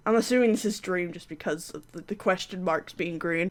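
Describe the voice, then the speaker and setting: A woman's voice: lowish voice, brisk. A young woman playing a story game, reading it aloud and making chatty, self-mocking comments. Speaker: gamer.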